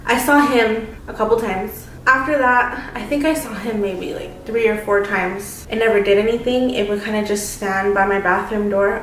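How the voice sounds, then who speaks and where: A woman's voice: mid-range voice, moderate pace, few pauses, fairly bright tone, recorded from a distance. A young woman vlogger recounts her story in a chatty, dramatic way, full of fillers. Her voice sits in the middle of the range and echoes around the room. The mic is some way off, with faint noise in the background. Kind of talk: casual storytime.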